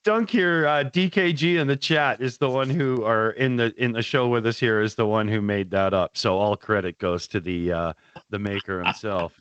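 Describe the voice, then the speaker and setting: A man hosting a casual livestream chat, excitable and freely swearing. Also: fairly low pitch, normal speed, highs cut off, slight background noise. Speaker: host.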